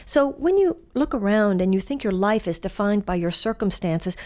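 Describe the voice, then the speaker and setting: A woman giving an inspirational talk, earnest and animated as she tells a story. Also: mid-range voice. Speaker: spiritual teacher.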